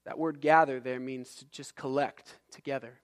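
A man's voice: medium pitch, steady tone, moderate pace. A man preaching a sermon, reading scripture and building intensity through repeated phrases. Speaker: pastor.

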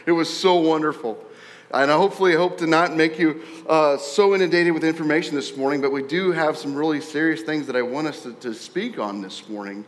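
A man preaching a sermon as pastor, talking in a conversational, animated way and often repeating words as he tells a story. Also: a little high, a little fast. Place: church sanctuary. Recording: echoey hall with long reverb.

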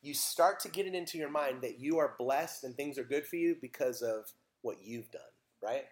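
A man, preaching a sermon and telling animated stories with acted voices. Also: medium pitch, normal speed. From United States. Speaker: pastor.

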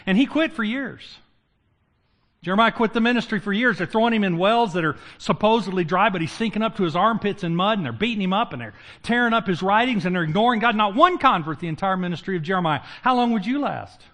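A man's voice: high-pitched, fast talker. A man preaching a sermon, retelling Bible stories and acting out the characters with humor. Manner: lively, acts out biblical characters with humor. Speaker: pastor.

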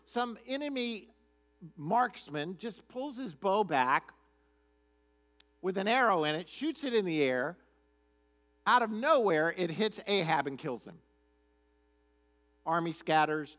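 A male pastor preaching a sermon in a chatty, conversational storytelling manner. His voice sits high for a man, and his intonation swings widely and with energy. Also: expressive, measured pace, long pauses, fairly bright tone.

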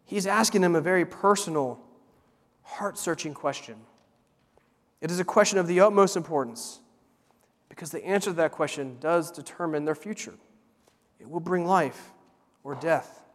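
A man delivering a sermon in an earnest, emphatic way, leaning on slow repeated words. His voice sits a little high for a man. It rings with a long reverb, as in a large hall. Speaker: pastor.

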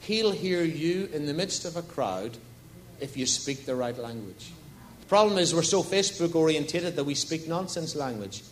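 A man's voice: a little high, lively intonation, normal speed, a little hiss or hum. A man preaching a sermon in a church service, telling stories and asking the congregation rhetorical questions. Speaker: pastor.

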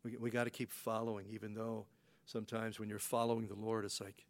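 A man's voice: lowish voice, flat delivery, brisk. A man preaching a conversational sermon as a pastor, folksy and full of rhetorical questions. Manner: folksy, rhetorical questions, frequent "you know" fillers.

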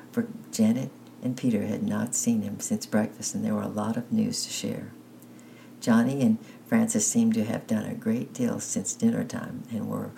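A man narrating a children's story aloud, unhurried and plain. His voice is gravelly and dark. He makes small slips and restarts now and then. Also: on the low side, slight background noise, rough recording.

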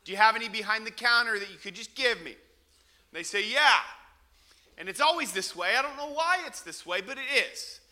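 Bright, animated pastor telling a story. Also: male voice, sits high, a little fast. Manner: animated, humorous storytelling with asides to the congregation. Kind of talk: sermon with a storytelling opening.

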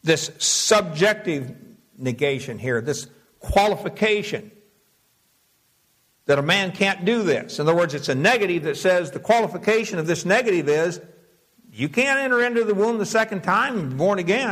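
A man preaching an expository sermon with a slightly higher-pitched voice. He teaches in a measured way, reading scripture in old-fashioned wording and slowing down to stress single words. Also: expressive, a bit bright. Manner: measured teaching, slows to dwell on key words; reads scripture aloud in King James wording.

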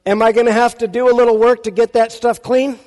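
Man, pastor, very high voice, emphatic sermon delivery, rhetorical questions, long reverb. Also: level tone, quick pace, darkish tone.

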